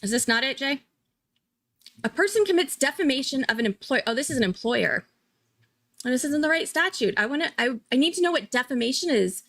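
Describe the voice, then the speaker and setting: A woman hosting a casual live-stream commentary, chatty and excitable, thinking aloud and laughing often. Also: sits high, a little fast. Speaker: true-crime commentary host.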